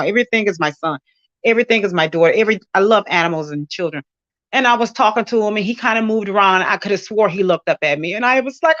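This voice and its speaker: A woman hosting a casual live online chat, giggly and emotional, quick to tear up. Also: mid-range voice, fairly bright tone, dry recording, lo-fi sound. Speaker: host of an online community stream.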